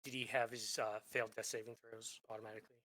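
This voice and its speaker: A man playing in a tabletop game, asking quiet, unsure questions in casual talk. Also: fairly low pitch, level tone, fast, no room sound. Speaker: player.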